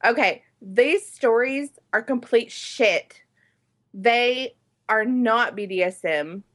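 A woman's voice: on the high side, takes it slowly, a bit bright. A woman co-hosting a casual chat podcast, candid and storytelling, laughing often. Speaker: podcast co-host.

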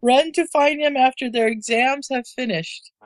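A woman's voice: sits high, normal speed, dry recording. A woman hosting trivia on a podcast, reading questions and multiple-choice answers. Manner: reads quiz questions with multiple-choice options, laughing often. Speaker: trivia quizmaster. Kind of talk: casual podcast chat.

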